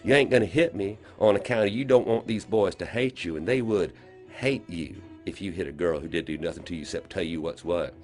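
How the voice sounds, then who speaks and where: A man voicing a slow, confident country schoolgirl with a rural Southern accent, sly and teasing. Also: deep voice, soft background music, natural voice. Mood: taunting. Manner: drawling, teasing, quietly menacing.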